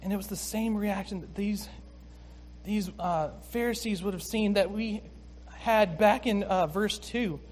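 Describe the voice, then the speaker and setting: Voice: mid-range voice, unhurried, a little mellow, slight background noise. A preacher giving a sermon, explaining a scripture passage in a conversational, emphatic manner.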